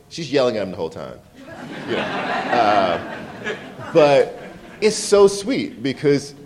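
A man, an author, telling personal stories in an interview with frequent restarts and laughter. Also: medium pitch. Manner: animated, laughs often, halting restarts. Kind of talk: candid conversational storytelling.

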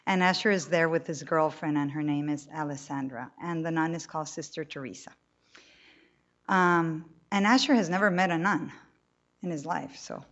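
A woman reads a novel aloud at a measured storytelling pace, with a few small restarts. Her voice sits low, and the recording is muffled and lo-fi. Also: a bit bright. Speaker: reader.

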